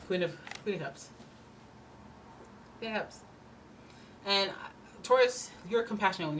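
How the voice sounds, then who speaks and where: A woman's voice: medium pitch, moderate pace, pauses often, fairly bright tone, a little hiss or hum. A woman giving a casual tarot reading, chatty and blunt, slipping into playful mock voices. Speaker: tarot reader.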